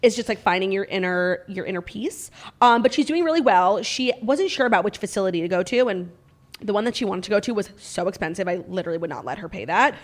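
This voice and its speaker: Woman, podcast co-host, very fast, chatty, casual talk. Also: mid-range voice, animated. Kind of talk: casual chat and read ad.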